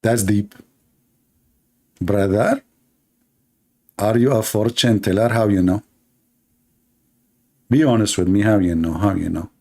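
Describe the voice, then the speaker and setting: A Middle Eastern man, a native Arabic speaker with an Arabic accent, hosts a live online debate in a sarcastic, mocking manner. His voice is lowish and mellow, with a measured pace and long pauses.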